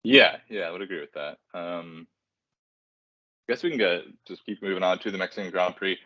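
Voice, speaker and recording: A man with a very low voice co-hosts a casual podcast. He rambles, filling gaps with ums and joking at his own slips. The sound is dry and slightly dull. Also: moderate pace, sharp tone, no room sound. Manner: rambling, self-deprecating, casual filler-heavy. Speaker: podcast co-host.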